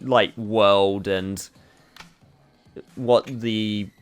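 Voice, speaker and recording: A man's voice: fairly low pitch, fairly even intonation, extremely slow, clean tone, soft background music. A young man giving rambling, self-deprecating commentary over a game, laughing at his own slips. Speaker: game streamer. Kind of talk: let's play commentary.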